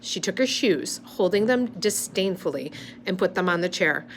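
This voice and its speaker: A woman's voice: fairly low pitch, expressive, moderate pace, a little hiss or hum. Woman reading a novel aloud. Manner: unpolished, stops to correct slips. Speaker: reader.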